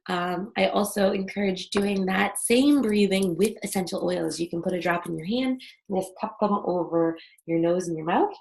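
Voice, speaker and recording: Her voice is mid-range as she leads a casual online wellness workshop by video call. In a warm, talkative way, the host walks listeners through a breathing exercise.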